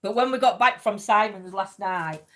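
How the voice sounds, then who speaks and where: A woman's voice: mid-range voice, normal speed. Chatty woman. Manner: chatty and rambling, laughs often. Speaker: livestream host. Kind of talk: casual chat.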